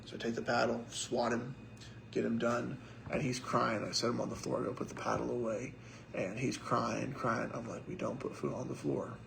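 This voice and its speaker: A young man, a pastor, telling lively stories in a casual sermon and acting out what people said. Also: mid-range voice, normal speed, gravelly, echoey room, slight background noise, poor audio. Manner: animated storyteller acting out quotes.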